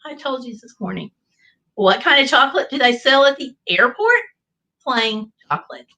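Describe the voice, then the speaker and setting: A middle-aged woman from the US runs a casual livestream chat, playfully reading viewer comments aloud and telling corny jokes. She has a high, expressive voice that sounds pushed and bright, delivered at a moderate pace over poor audio.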